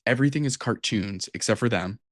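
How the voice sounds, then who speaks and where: A man co-hosting a podcast, retelling a film with animated energy and plenty of swearing. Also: medium pitch, quick pace, no echo, studio quality. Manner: animated storyteller, swears freely. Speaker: podcast co-host. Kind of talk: casual chat.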